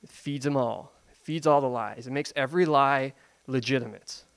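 A pastor preaching a sermon in a conversational, emphatic way, full of rhetorical questions. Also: male voice, mid-range voice, moderate pace, smooth.

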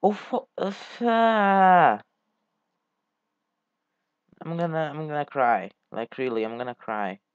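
A man hosting his own gaming channel, rambling through casual commentary in a smooth, even voice. He drawls slowly, trails off and restarts, and swears now and then. The recording is dry and a little dull, as if from a cheap home mic. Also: on the high side, dry recording.

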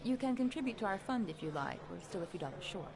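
A woman's voice: mid-range voice, expressive, fast, vocal fry, noisy background. An actress voicing a polite female office assistant at a police station in a video game, who speaks courteously. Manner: courteous, helpful.

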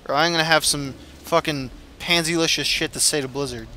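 A man's voice: fairly high pitch, brisk, few pauses, bright, forceful tone, slight background noise. A man swearing and trash-talking through frustrated gameplay commentary. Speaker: gamer.

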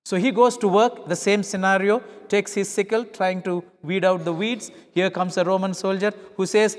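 A man's voice: sits high, normal speed, hardly any pauses, in a large hall. A middle-aged male pastor preaching a sermon, telling stories and acting out the dialogue in changing voices. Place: church.

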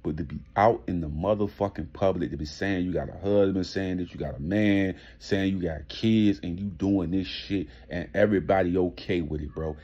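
A man with a husky, low voice delivers an indignant, profane rant, hammering his points with emphasis. The recording sounds dull and lo-fi. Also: moderate pace, hardly any pauses, warm tone. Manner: emphatic, indignant, heavy swearing. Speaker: commentary vlogger. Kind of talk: profane ranting commentary.

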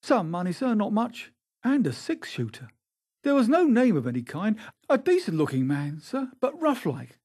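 A plain-spoken rural gamekeeper, respectful toward his master, as a man reads him. The voice sits high above the reader's own and stays husky. It has a lively rise and fall, like a servant in a storybook. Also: normal speed, heavily acted. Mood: deferential. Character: deferential older male gamekeeper, plain-spoken.

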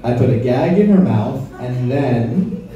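A man's voice: medium pitch, expressive, a little slow, muffled recording, a little hiss or hum. A man performing a stand-up comedy set at a club, crude and conversational, teasing the audience. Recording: roomy club sound from far off, crowd audible. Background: audience laughter.

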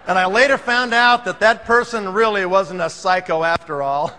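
A man telling a comic story to an audience, animated and laughing, acting out the scenes. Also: sits high, moderate pace, slight background noise. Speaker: speaker.

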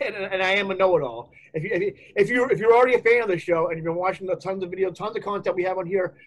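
A man's voice: high voice, racing, rough recording. A man co-hosting a casual comics review show, rambling and chatty with frequent laughs. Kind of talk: casual podcast chat.

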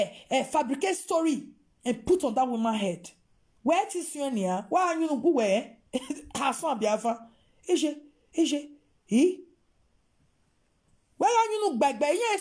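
Nigerian woman vlogger, high voice, emphatic scolding rant. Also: a little mellow. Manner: emphatic, scolding, mixing Pidgin with local-language phrases. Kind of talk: impassioned monologue to viewers.

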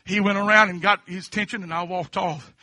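A Kentucky-raised preacher with a Southern accent delivers his testimony in a high, sharply bright voice. His sermon surges between quiet storytelling and fervent, shouted declarations. The sound is close and dry, with almost no room echo. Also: fairly even intonation, a little fast.

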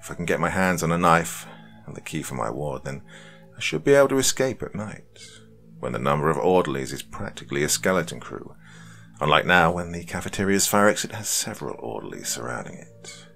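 A man with an extremely low, rumbling voice reads a horror story aloud. His delivery is measured and dark, in the manner of a podcast host narrating a first-person tale. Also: big pitch swings, gravelly, soft background music.

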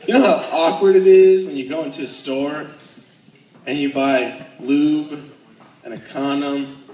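Nervous, slow-talking young comedian. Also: male voice, a little high, steady tone, a little mellow, a little hiss or hum. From Alaska, United States. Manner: nervous, self-deprecating, crude jokes. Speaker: stand-up comedian. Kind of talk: stand-up comedy set. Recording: echoey room, voice far off.

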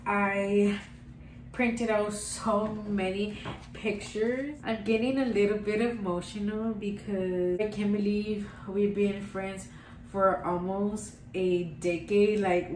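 Young woman, casual vlog, gushing, unhurried, roomy sound, faint hiss. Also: medium pitch, a little mellow, far from the mic. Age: young adult. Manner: gushing, sentimental. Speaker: vlogger. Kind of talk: casual vlog talk to camera.

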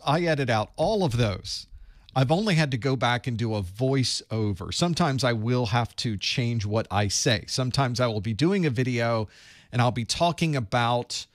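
A middle-aged IT certification instructor kicks off his live study group with casual livestream chatter, greeting viewers by location and rambling about his work from a small dark room. The voice is mid-range, and the studio-quality sound has no room sound.

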